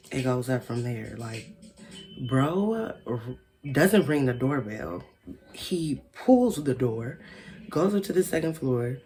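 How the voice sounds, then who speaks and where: A casual storytime vlogger with a mid-pitched voice, talking in a loose, chatty way full of "like" and frequent swearing. The telling is animated, jumping into the voices of the people in the story. Soft music plays faintly underneath. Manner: animated, acts out quoted people.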